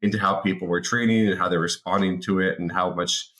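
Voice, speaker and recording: A man in his forties telling an anecdote as a podcast guest in a lively, casual way, often repeating words. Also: sits low, a little fast. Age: 40s. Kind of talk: casual interview storytelling. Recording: roomy echo.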